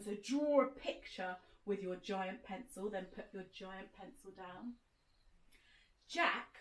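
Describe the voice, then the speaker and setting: Slow, encouraging woman storyteller. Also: mid-range voice, roomy sound, poor audio. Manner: gentle, encouraging, directs listeners to move along. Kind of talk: interactive children's sensory story.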